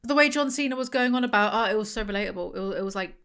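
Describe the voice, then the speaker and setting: A woman's voice: mid-range voice, rapid-fire, fairly bright tone, clear, resonant tone. A woman chatting casually as a book reviewer, rambling and sarcastic, going off on tangents. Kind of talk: casual chat.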